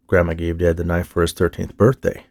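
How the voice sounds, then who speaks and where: A man's voice: low-pitched, flat delivery, brisk, a little mellow. A man voicing a skeptical, guarded detective who speaks in a dry, restrained way.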